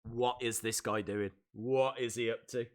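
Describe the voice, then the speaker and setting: A man's voice: mid-range voice, fairly even intonation, unhurried. A man hosting a wrestling live stream, chatting playfully and reading out viewer comments.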